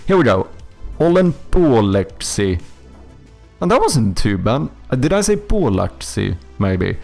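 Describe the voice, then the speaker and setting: A man's voice: mid-range voice, sing-song, normal speed, gravelly, a little mellow, soft background music. A young man with a Swedish accent, a game developer chatting casually with viewers on a livestream, rambling and swearing freely. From Sweden. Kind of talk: casual livestream chat reading viewer comments.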